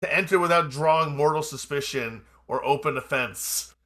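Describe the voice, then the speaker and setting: Bright-voiced male game master. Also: fairly high pitch. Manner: measured storytelling narration mixed with casual table talk. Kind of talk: narrating a tabletop game.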